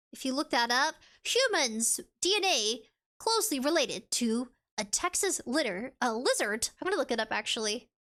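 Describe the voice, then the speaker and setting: A woman VTuber has a high, bright voice with a forceful tone. Chatting casually with her viewers, she reads out chat and game text in a playful, rambling way.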